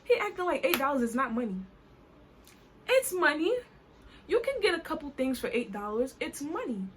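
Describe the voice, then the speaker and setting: A woman from New Jersey telling a story time vlog in an animated, colloquial way, full of "I was like". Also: sits high, moderate pace, slight background noise. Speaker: vlogger.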